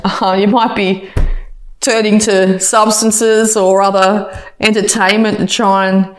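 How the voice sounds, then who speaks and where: A woman's voice: mid-range voice, level tone, slow, a little hiss or hum. A woman giving a casual tarot reading, chatty and full of fillers and restarts. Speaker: tarot reader.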